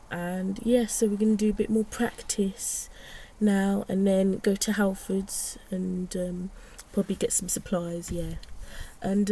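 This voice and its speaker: Young woman, casual vlog chat, unhurried, soft half-whisper, faint hiss behind. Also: medium pitch. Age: young adult. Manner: chatty, excited, with many fillers. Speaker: vlogger.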